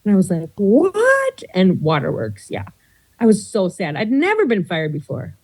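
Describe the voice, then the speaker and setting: A woman comedian chatting on a podcast, telling animated stories and slipping into quoted voices. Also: lowish voice, normal speed, poor audio. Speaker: comedian guest. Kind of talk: casual podcast chat.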